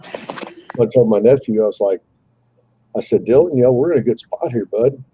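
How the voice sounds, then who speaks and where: On a live call, a man casually and animatedly tells a fishing story, swearing freely and doing the voices of the people he quotes. His voice is mellow and medium-pitched at a moderate pace. The sound is lo-fi with slight background noise.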